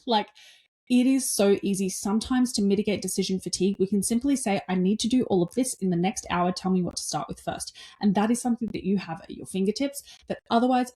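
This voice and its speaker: A woman hosting a podcast, giving casual motivational talk in an energetic, blunt way, swearing freely and acting out little dialogues in her own voice. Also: mid-range voice, quick pace. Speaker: podcast host.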